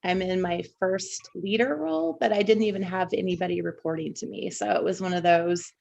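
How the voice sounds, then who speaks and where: A woman's voice: fairly low pitch, brisk, vocal fry, a little mellow, lo-fi sound. A woman from Indiana, co-hosting a podcast, reflecting in casual conversation and telling personal stories at length. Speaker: podcast co-host.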